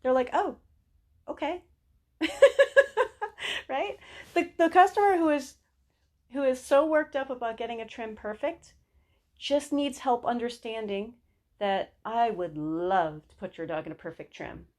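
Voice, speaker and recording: Chatty higher-voiced woman podcaster. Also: unhurried, pauses often. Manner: chatty and animated, laughs often, repeats words; acts out calm soothing talk to dogs and owners. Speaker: podcast host and dog grooming educator. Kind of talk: casual solo podcast teaching.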